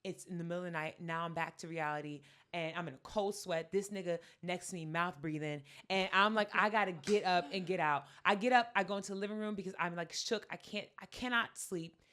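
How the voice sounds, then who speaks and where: Bright, animated woman telling a story. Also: on the low side, brisk, few pauses. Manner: animated, acts out quotes loudly, laughs often. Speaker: podcast co-host. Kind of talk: casual storytelling chat.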